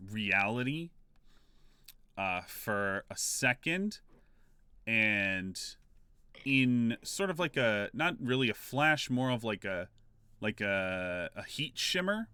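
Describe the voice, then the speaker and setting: A man narrating a tabletop game as game master, in halting, filler-heavy speech. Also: lowish voice, animated, pushed and bright, smooth, no room sound.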